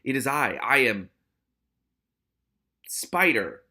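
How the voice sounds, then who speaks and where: A man's voice: mid-range voice, big pitch swings, slow, pushed and bright, heavily acted. A man voicing Spider, a sinister male rat spirit who speaks inside a cat's head in a hissing, eerie, menacing way.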